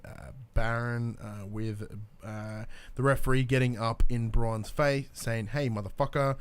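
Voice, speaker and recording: A man's voice: mid-range voice, flat delivery, slow, smooth. A man co-hosting a casual podcast, swearing freely, laughing and acting out wrestlers' lines. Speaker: podcast co-host. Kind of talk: casual chat recapping wrestling.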